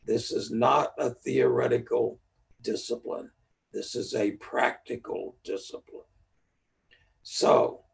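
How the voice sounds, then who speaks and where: An NLP teacher lectures over a livestream, illustrating points with stories and going back over the main ideas. The audio is poor and distant, carrying a gravelly, husky voice of medium pitch.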